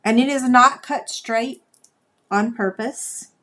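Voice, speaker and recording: A woman's voice: fairly high pitch, takes it slowly, pushed and bright, a little hiss or hum. A woman, hosting a live craft demonstration, chatting folksily with viewers as she works. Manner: chatty, folksy, talks to viewers while working. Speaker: crafting livestream host.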